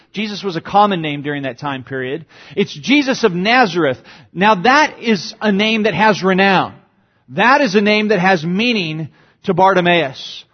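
A man preaching a sermon as pastor, explaining a passage verse by verse and acting out quoted cries with sudden rises in voice. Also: lo-fi sound. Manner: dynamic, acts out quoted lines with big pitch jumps.

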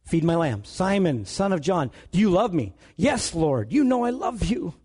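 A man preaching a sermon, telling stories with animated delivery and acting out the dialogue. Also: high-pitched, normal speed, slightly rough.

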